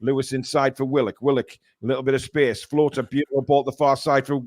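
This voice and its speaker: A man hosting live fan commentary of a football match, calling the play-by-play and bursting into shouts at big chances. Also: mid-range voice, steady tone, quick pace.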